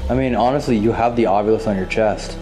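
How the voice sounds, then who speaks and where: A man investigating a dark old hospital at night, talking casually and excitedly with his partner and swearing now and then. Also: fairly low pitch, fast, soft background music, low-quality recording. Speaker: paranormal investigator. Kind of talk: casual ghost-hunting vlog.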